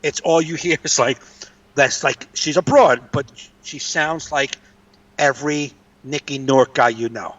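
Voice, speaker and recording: A man rants with profane, exasperated energy on a casual comedy podcast. His voice sits a bit high and sounds set back from the microphone. The sound is dull and lo-fi. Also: unhurried, fairly bright tone. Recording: distant, dull lo-fi mic.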